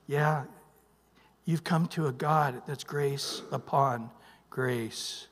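A male pastor preaching a sermon, emphatic, swinging from loud bursts to hushed near-whispers and prompting the congregation with "what?". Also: mid-range voice, fairly even intonation, very slow, long pauses, in a large hall. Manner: emphatic, calls out "what?" for the congregation to fill in verses. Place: church sanctuary.

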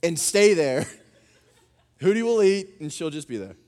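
A man, preaching a sermon and telling family stories with animated impressions. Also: on the high side, unhurried. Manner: animated storytelling, acting out his daughters' voices. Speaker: pastor. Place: church auditorium. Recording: long reverb of a church hall.

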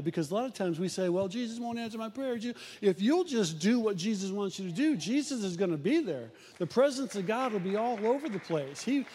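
A man's voice: sits high, darkish tone, husky. Guy pastor chatting through a sermon, telling stories, restarting lines, church echo. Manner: folksy, storytelling, frequent restarts. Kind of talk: conversational sermon. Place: church sanctuary. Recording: long hall reverb in a church.

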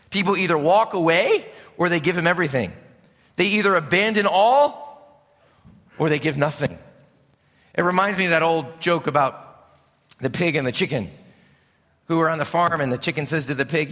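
A man preaching a sermon as a pastor, impassioned, swinging between loud and hushed. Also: a little high, a little fast. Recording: preached in a reverberant hall.

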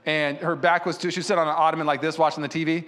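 Male pastor, high voice, animated sermon storyteller in a church. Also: rapid-fire. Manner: animated storyteller who acts out quotes.

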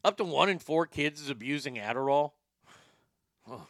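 A crude, mocking man ranting through his commentary, stumbling over repeated words as he goes. His voice is high and bright with a gravelly rasp, and it sounds smooth and dry. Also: lively intonation, moderate pace, dry recording. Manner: crude, mocking, stammering restarts. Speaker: commentary podcast host.

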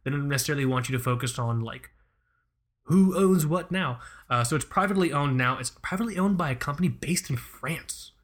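A man's voice: on the high side, expressive, brisk. A young adult man hosting a podcast, talking in a rambling, casual, profane way and often correcting himself. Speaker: podcast host.

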